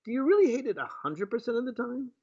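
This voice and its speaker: A man's voice: extremely high pitch, big pitch swings, quick pace, a little mellow. A male talk radio host from Virginia, doing political commentary with sarcastic, indignant rhetorical questions. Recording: muffled lo-fi broadcast audio.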